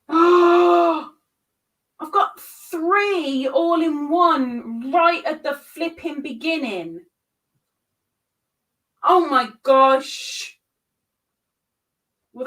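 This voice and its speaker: Giggly high-voiced woman crocheting. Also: a bit bright, recorded from a distance. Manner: giggly, self-mocking, chatting to viewers while counting stitches. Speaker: crochet livestream host. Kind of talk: casual live-stream chat while crocheting.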